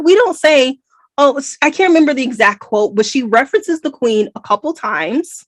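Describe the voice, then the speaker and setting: American woman co-host, emphatic book chat, bright high voice, dry close sound. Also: measured pace, no echo. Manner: emphatic, animated. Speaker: podcast co-host. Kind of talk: casual book review chat.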